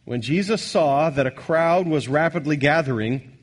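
Male pastor, slightly high voice, earnest sermon delivery with repeated points and shifting volume. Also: normal speed. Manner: earnest preaching, repeats key lines, swings from loud to soft.

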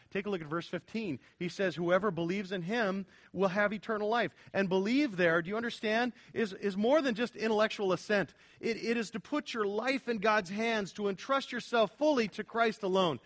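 A middle-aged male pastor preaching a sermon, swinging from loud, emphatic stretches to quiet, earnest ones. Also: sits high.

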